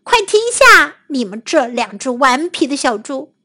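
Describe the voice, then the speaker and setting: A woman voicing an angry farmer couple who shout and scold in a children's storybook. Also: high-pitched, sing-song, measured pace, no echo, studio quality, heavily acted.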